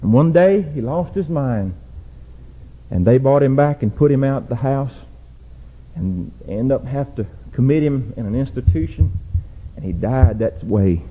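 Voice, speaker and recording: A young man preaching a sermon, swinging from low, quiet warnings to loud shouted exhortation. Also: lively intonation, a little slow, husky. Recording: dull lo-fi church recording.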